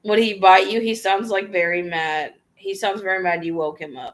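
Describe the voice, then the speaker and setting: At a moderate pace and medium pitch, a woman vlogger hosts a casual livestream Q&A. She reads out what viewers ask and responds offhand, frank and full of chatty slang.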